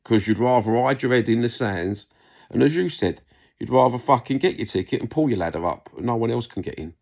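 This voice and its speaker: A man's voice: mid-range voice, animated, fairly quick, creaky, darkish tone. A man with a London accent delivering a heated, sweary rant to camera in reply to a comment, repeating his points. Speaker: vlogger responding to a comment.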